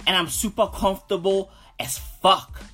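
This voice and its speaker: A woman's voice: medium pitch, steady tone, moderate pace, fairly bright tone, husky, soft background music. A woman hosting a comedic podcast, ranting in a brash, swaggering bro manner and calling everyone bro. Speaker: podcast host.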